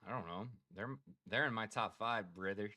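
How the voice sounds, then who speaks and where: Teasing low-voiced man co-hosting sports talk. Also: moderate pace, sharp tone, dry recording. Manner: teasing, laid-back banter, calls people dude and brother. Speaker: sports show co-host. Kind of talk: casual sports chat on a live stream.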